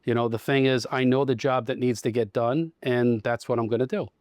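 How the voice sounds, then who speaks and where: A man's voice: medium pitch, fairly even intonation, a little fast, a little mellow, no echo. Middle-aged man telling stories, dry mic. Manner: storytelling, acts out quoted dialogue. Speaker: dealership general manager and partner. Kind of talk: casual podcast interview.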